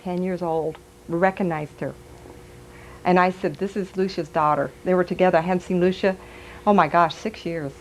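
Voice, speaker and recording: A woman's voice: lowish voice, fairly even intonation, moderate pace, slight background noise, low-quality recording. A woman giving a live stage reading as a psychic medium, chatty and giggly, passing on messages aloud.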